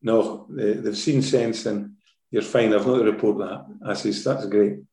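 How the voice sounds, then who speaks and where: Scottish man telling stories, mellow. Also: on the low side, a little slow, echoey room. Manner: lively storyteller, tags sentences with "eh?". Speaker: former football manager. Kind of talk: anecdotal interview storytelling.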